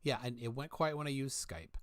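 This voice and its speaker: A man hosting a casual livestream, reading out chat comments in a rambling, halting way with many fillers, holding his mic close at home. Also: medium pitch, animated, clear, resonant tone. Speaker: livestream host. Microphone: handheld mic held close.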